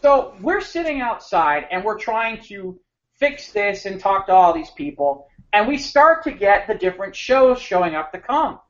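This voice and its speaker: A man's voice: sits high, moderate pace. Man telling a rambling radio-days story. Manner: animated, rambling anecdote with frequent restarts. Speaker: podcast co-host. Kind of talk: casual storytelling chat. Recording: slightly muffled podcast audio.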